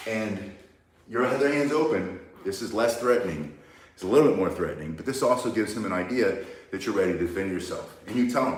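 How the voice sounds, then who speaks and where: A man speaking at a moderate pace in a lowish voice gives a self-defense demonstration, walking through every move bluntly and with emphasis. The recording is very echoey, with the mic placed far from him.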